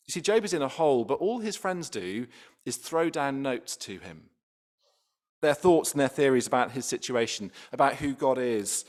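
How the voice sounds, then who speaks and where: A man preaching a sermon in a church, talking conversationally, often restarting and asking rhetorical questions. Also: mid-range voice.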